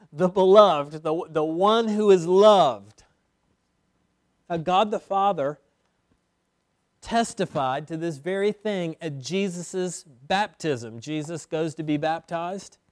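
A man preaching an expository sermon as pastor, emphatic, slowing down and repeating words for weight. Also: on the high side, a little mellow, no echo. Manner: emphatic, with slow stretched phrases and repeated words.

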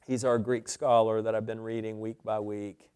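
A man preaching a sermon as pastor, teaching deliberately and stressing key words with pauses. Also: on the low side, flat delivery, a little mellow, clean tone.

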